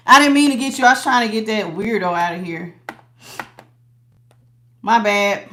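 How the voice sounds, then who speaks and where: Lively woman doing a live tarot stream, a bit high, laughs a lot, chats with viewers. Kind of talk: casual live tarot reading chat.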